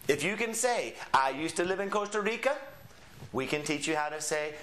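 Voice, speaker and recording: A man's voice: fairly high pitch, animated, moderate pace, fairly bright tone. A man explaining a Spanish course in a chatty, explanatory way, dropping in Spanish phrases as examples. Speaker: Spanish teacher. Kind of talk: promotional course lesson.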